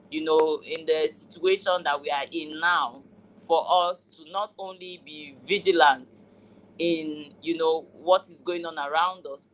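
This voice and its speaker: Nigerian woman, meeting host, low voice, unhurried and full of pauses. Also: fairly bright tone, poor audio. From southern Nigeria. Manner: measured, many pauses and fillers. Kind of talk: online community meeting.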